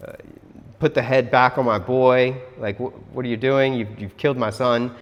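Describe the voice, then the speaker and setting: A man's voice: steady tone, moderate pace, long reverb tail, muffled recording, lightly acted. A man voicing a frantic, furious mother goddess who makes demands. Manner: shrill, demanding, upset.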